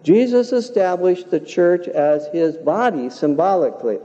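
An older man delivers a sermon in an earnest, measured, folksy way. His voice sits a little high and sounds very mellow and relaxed. The recording is dull and muffled, and his voice carries a long reverb through the church hall. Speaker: preacher. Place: church sanctuary.

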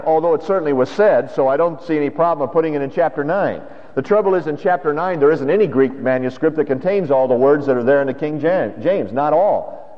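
Male pastor, conversational sermon delivery, lo-fi church recording with long reverb. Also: mid-range voice. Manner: conversational preaching with rhetorical questions. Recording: dull lo-fi sound with long hall reverb.

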